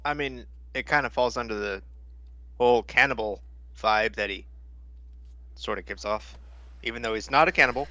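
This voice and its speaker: A man's voice: medium pitch, moderate pace, pauses often, pushed and bright, dry recording. A man playing a tabletop game, chatting in a goofy, joking way. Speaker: player. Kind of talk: casual tabletop game banter.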